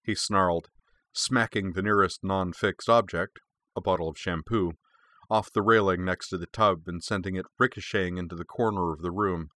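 A man narrating an audiobook in a measured, expressive reading. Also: low-pitched, no room sound.

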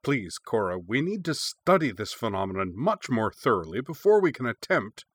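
A man's voice: medium pitch, sing-song, normal speed, breathy edge, no room sound. A man voicing a cautious older master who sputters and pleads when flustered. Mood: pleading.

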